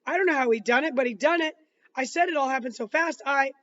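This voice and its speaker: A man's voice: very high-pitched, normal speed, a bit bright, distant mic, lo-fi sound. A man reading aloud, voicing an angry, defensive young woman on the witness stand with a raised, drawling voice.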